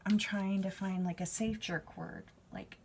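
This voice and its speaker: A woman's voice: medium pitch, sing-song, measured pace, creaky, slight background noise. A woman giving a spiritual card reading, talking to the viewer in a chatty, reassuring way. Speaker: tarot reader.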